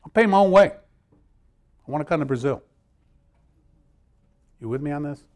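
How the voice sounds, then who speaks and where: A man's voice: a little high, animated, moderate pace, a little mellow. A man preaching a sermon, emphatic and repeating key phrases, joking with his listeners. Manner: repetitive, emphatic, jokes with audience.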